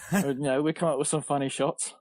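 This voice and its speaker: A man's voice: fairly high pitch, steady tone, fast, darkish tone, dry recording, poor audio. A man with a New Zealand accent, chatting easily as a guest about racing and travel. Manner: easygoing, chatty, laughs often. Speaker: podcast guest, triathlete. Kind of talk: casual interview chat.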